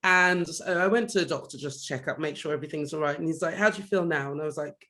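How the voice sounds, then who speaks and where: Animated man telling stories from London. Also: a little high, fast. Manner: animated storytelling, swears when recounting anger. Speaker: podcast co-host. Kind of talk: casual chat.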